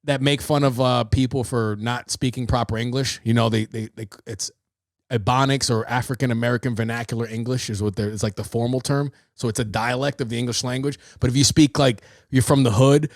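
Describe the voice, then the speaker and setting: A young man hosting his own livestream, rambling through opinions and stories with plenty of swearing. His mid-pitched voice carries a gravelly edge. The sound is dry and close, with no room around it. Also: brisk, dry recording. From New York City. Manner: animated storyteller, swearing freely. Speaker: podcast host. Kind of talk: casual livestream monologue.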